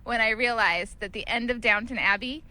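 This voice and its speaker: A woman's voice: a little high, moderate pace, pushed and bright, low-quality recording. A woman co-hosting a live radio show, leading playful games in casual studio banter.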